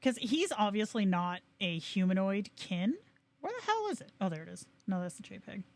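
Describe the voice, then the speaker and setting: A young adult woman hosting a casual livestream, chatting excitedly and reacting to viewers with quick asides. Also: medium pitch, no room sound. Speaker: livestream host.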